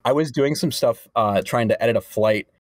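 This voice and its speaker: A man's voice: mid-range voice, normal speed, dry recording, studio quality. A young man co-hosting a podcast in casual chat, joking and laughing often. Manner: animated, jokey, laughs often. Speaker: podcast co-host.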